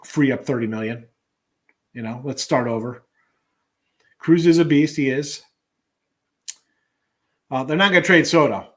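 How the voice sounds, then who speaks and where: Rambling middle-aged sports betting host. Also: male voice, mid-range voice, a bit bright. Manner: rambling, conversational, many fillers and restarts. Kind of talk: casual sports betting talk.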